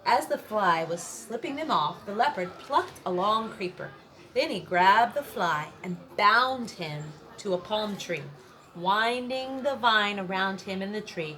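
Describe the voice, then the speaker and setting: Woman reader, lively storybook telling, crowd noise in the back. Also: mid-range voice, moderate pace. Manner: lively, voices the sound words. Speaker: teacher reading a storybook. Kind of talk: storybook read-aloud.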